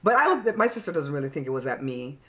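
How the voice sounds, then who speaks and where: A woman's voice: low-pitched, fast. Blunt, chatty middle-aged woman. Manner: blunt and frank, plain-spoken with mild cursing; chatty and animated, often laughing. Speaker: channel host. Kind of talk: casual chat while eating.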